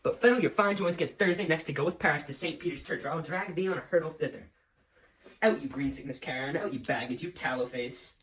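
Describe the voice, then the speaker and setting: A man's voice: a little high, fast, a bit bright, recorded from a distance, close to an everyday voice. A man playing a furious, domineering nobleman father in an amateur Shakespeare reading, with blustering, theatrical rants. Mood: raging. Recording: roomy echo, off-mic.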